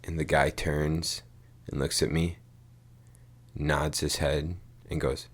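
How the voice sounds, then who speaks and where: A man's voice: very deep voice, level tone, slow, pauses often, slightly rough. A man co-hosting a podcast, telling a rambling story in casual chat, swearing casually and saying "dude" and "like" a lot. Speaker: podcast co-host.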